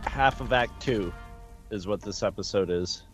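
A man co-hosting a podcast, chatting casually in an unhurried, low-key way. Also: fairly bright tone, soft background music. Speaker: podcast co-host.

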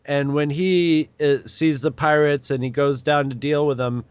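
A man's voice: fairly high pitch, steady tone, normal speed, smooth, no room sound. A man co-hosting a casual podcast, talking in a rambling way with frequent restarts. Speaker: podcast co-host. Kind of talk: casual chat.

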